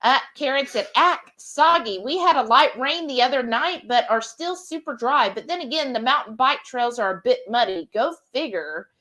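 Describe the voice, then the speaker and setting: A woman co-hosting a live cooking stream, greeting viewers by name and reading their comments aloud in an animated way. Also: sits high, normal speed, hardly any pauses.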